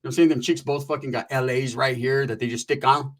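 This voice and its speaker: This man, from Northern California, has a mid-range voice and a quick pace as he relates a wild episode from his life. Expect casual street slang, swearing and scattered Spanish words. He's animated, voicing the people in the story himself.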